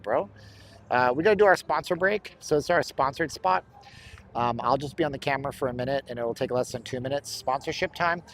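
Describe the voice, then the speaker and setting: A man talks to his viewers while strolling through an outdoor shopping center, chatty and quick to joke. His voice sits at an ordinary middle pitch. Faint outdoor ambience hums behind him. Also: slight background noise. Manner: chatty, joking, laughs often. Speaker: livestream host. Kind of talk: casual walking-tour livestream chat. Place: outdoors at an outlet mall.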